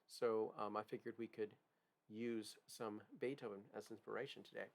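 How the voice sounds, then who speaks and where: A man's voice: lowish voice, flat delivery, normal speed, gravelly. A man teaching a music lesson, explaining with frequent "right?" and "okay?" check-ins. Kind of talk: piano lesson demonstration.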